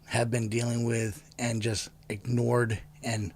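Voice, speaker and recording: A man co-hosting a talk show, chiming in with dry teasing remarks and halting restarts. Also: medium pitch, little pitch movement, a little mellow. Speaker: podcast co-host. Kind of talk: casual chat.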